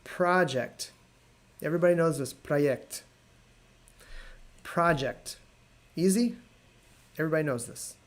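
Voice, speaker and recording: A man teaching an English lesson on a live video stream, explaining patiently and repeating words slowly. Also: fairly high pitch. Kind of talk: live online language lesson.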